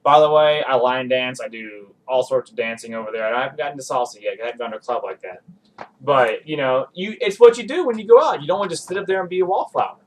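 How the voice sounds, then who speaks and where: A man's voice: mid-range voice, recorded from a distance, rough recording. Rambling man, a bit off-mic. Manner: rambling, self-deprecating, quick restarts. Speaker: podcast guest. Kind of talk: casual storytelling.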